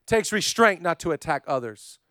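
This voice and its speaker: A man preaching a sermon as pastor, swinging from loud fervent repetition down to soft, low, hushed passages and speaking straight to viewers online. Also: big pitch swings, brisk, no room sound, studio quality. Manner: addresses online viewers directly.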